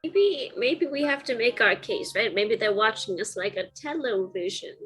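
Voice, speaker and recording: A woman's voice: a little high, animated, moderate pace, a bit bright, soft background music. A woman playing a tabletop roleplaying game, joking and bantering with the table. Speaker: player.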